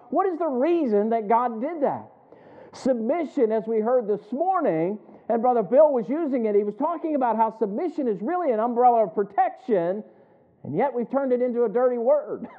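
A man preaching a sermon as pastor, asking the congregation rhetorical questions. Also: very high-pitched. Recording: phone-like narrow band.

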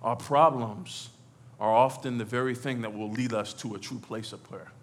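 A man preaching as pastor, talking to the congregation conversationally, acting out quotes and building to loud exhortation. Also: medium pitch, steady tone, moderate pace. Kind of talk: sermon.

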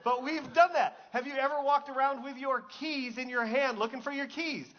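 A man's voice: very high voice, moderate pace, highs cut off. A male pastor preaching a sermon in a conversational, joking way, asking the congregation questions. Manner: conversational, jokey, asks the crowd questions.

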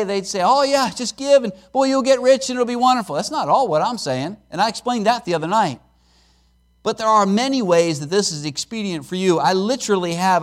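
A man preaches from the pulpit in a high, animated voice that leaps up at his points. He mixes folksy jokes into his sermon and leans hard on key words. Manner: lively preaching, rising to emphatic peaks with chuckles and asides. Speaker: preacher, missionary.

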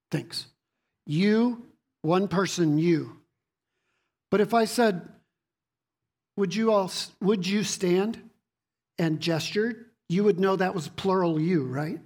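Here a preacher with a mid-range, darkish, slightly breathy voice gives a sermon. He reads scripture aloud to the congregation, teaches, poses rhetorical questions, and repeats words for effect.

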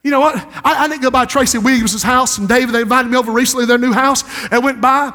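A male pastor preaching a sermon, building to shouted climaxes and dropping into joking asides. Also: extremely high pitch, fairly even intonation, quick pace. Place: church sanctuary. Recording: long hall reverb.

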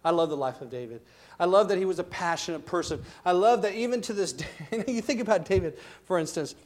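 A middle-aged male pastor preaching a sermon with passion, swinging from loud emphasis to hushed lines. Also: sits high, fast talker.

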